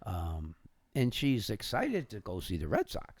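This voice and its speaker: A man's voice: on the low side, wildly swooping pitch, measured pace. A middle-aged man from Massachusetts, a podcast guest dropping dry quips and echoing the others in casual banter. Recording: noisy recording.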